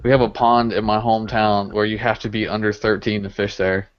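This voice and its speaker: A man co-hosting a casual fishing live stream, quick and eager. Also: on the low side, flat delivery. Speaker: fishing channel host. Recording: muffled stream audio.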